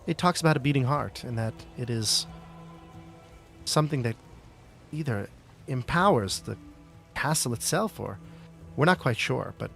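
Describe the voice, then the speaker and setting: A man's voice: medium pitch, animated, normal speed, creaky, pauses often, fairly bright tone, soft background music. A man voicing a young woman fortune teller who recalls an old tale in a rambling, uncertain way. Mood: thoughtful.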